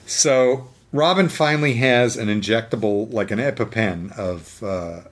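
A man telling a story in casual chat, animated, using many fillers and acting out the scenes. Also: on the low side, measured pace.

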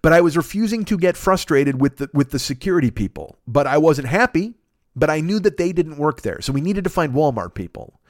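A man hosting a podcast, telling a long comic anecdote in a casual, profane, animated way into a close mic. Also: on the high side, a little fast, no echo. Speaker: podcast host. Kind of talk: casual comedic storytelling.

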